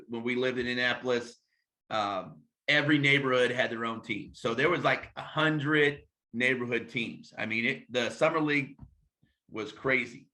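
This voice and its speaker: A man with a bright, forceful voice, chatting as a swim coach in an interview. He tells loose, animated stories and slips into bits of dialogue as he goes. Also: medium pitch. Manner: lively anecdotes, acts out dialogue. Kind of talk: casual interview storytelling.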